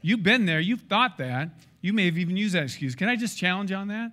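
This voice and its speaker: A man in his fifties preaching as a pastor, his voice sitting a touch high for a man. He talks in an emphatic, lively way, swinging between loud pushes and quiet asides, and acts out little bits of dialogue. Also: fairly quick. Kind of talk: sermon.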